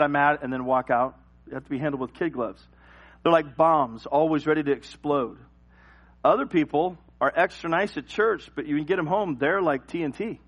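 A middle-aged male pastor preaching a sermon, telling animated personal stories and acting out the scenes. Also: fairly high pitch. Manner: animated storytelling, acts out scenes and cries.

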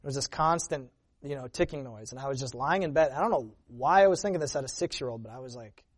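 A man's voice: mid-range voice, fast. A man sharing a personal testimony at church in an earnest, conversational way, often restarting his sentences. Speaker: church member giving a testimony.

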